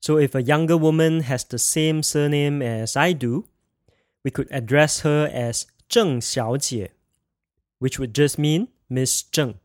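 A language teacher, a man with a fairly high voice, runs a pronunciation lesson in clean studio sound without any room noise. He spells out sounds and has the listener repeat each word after him, enunciating slowly and carefully.

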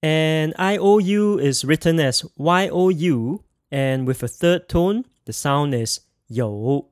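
Slow, careful male language teacher. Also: on the high side, no room sound, clean studio sound. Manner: slow, careful enunciation with drilled repetitions. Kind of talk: recorded pronunciation lesson.

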